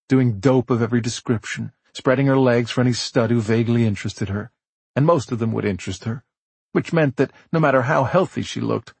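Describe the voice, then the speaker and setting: A man narrating an audiobook in a measured, steady storytelling manner. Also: medium pitch, slightly rough, no echo.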